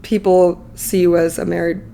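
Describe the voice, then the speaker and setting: Low, gravelly woman telling her story. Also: flat delivery, normal speed, warm tone. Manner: chatty, full of fillers and "like", emotional. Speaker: podcast guest. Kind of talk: candid conversational storytelling.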